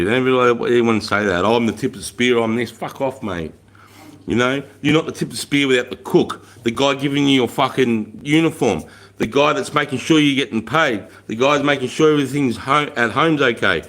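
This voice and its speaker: A middle-aged man with an Australian accent hosts a relaxed livestream. He talks bluntly and casually, peppering his talk with slang and swearing. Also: medium pitch. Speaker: livestream host.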